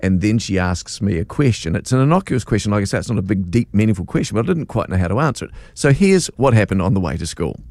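A man's voice: lowish voice, quick pace, few pauses, no room sound. An older man, telling stories as a breakfast radio host. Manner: animated storyteller, laughs easily. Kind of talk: casual radio chat. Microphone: studio microphone.

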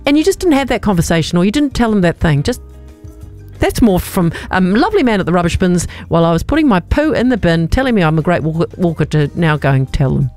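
A woman's voice: fairly low pitch, animated, fast talker, a little mellow, faint music behind. A woman co-hosting a radio show, telling an everyday story in casual banter and laughing often. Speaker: radio co-host.

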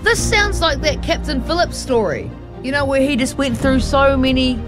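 A man's voice: very high-pitched, expressive, over music. A man co-hosting a radio show, reacting playfully and quizzing the storyteller. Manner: playful, reacts with quick interjections. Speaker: radio co-host. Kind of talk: casual radio banter.

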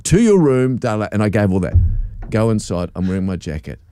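A middle-aged New man hosting a radio show, his low voice swinging widely as he tells a story with plenty of laughter. The sound is close and dry, with no room in it. He acts out the other people in the story. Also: very animated, a little fast, mellow, clear, resonant tone, no echo, soft background music. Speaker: radio host. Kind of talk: casual radio chat, storytelling.

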